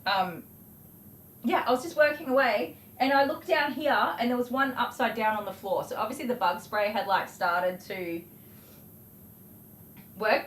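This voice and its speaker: Middle-aged Australian groomer, lively and laughing as she chats, a touch high, recorded in an echoey workroom. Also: normal speed, pauses often. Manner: animated, laughing, acts out voices in anecdotes. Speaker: dog groomer livestream host. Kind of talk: chatty livestream storytelling while working. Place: indoor grooming room. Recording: roomy echo, faint clipper noise. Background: electric clipper buzz.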